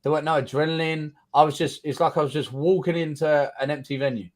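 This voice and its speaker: His voice is fairly high and steady, and he talks fast. He's an English guest fighter in his thirties with a London accent, telling his story in a relaxed interview, blunt and freely swearing as he acts out what people told him.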